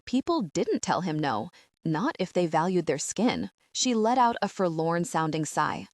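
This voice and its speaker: A woman narrating a romance audiobook in a measured, even storytelling manner. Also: on the low side, dry recording, clean studio sound.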